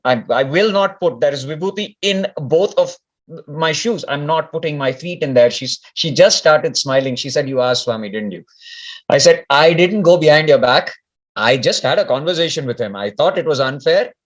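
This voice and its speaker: A man's voice: a little high, animated, moderate pace. Rambling man telling a personal story. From India. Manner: rambling, repeats words and restarts often. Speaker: speaker sharing a personal story. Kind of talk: casual storytelling talk. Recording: dull lo-fi recording.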